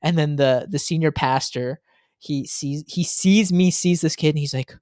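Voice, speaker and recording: A man hosting a casual podcast, telling stories in an animated way with frequent ums and likes. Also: a little high, moderate pace, dry recording, studio quality. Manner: animated storyteller, frequent fillers. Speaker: podcast host.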